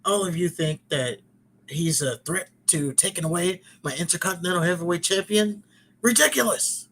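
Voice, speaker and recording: A man's voice: fairly high pitch, moderate pace, fairly bright tone, slight background noise, pitched above the performer's own voice, lightly acted. A man putting on the voice of an arrogant male European wrestling champion, clipped and dismissive. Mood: scornful.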